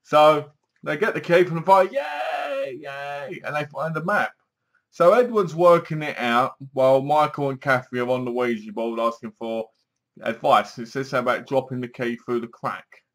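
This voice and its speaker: A man's voice: mid-range voice, lively intonation, normal speed, a bit bright. A man giving a casual spoken review of a TV episode, acting out the scenes as he retells them. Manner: chatty, acts out scenes with sighs and gasps.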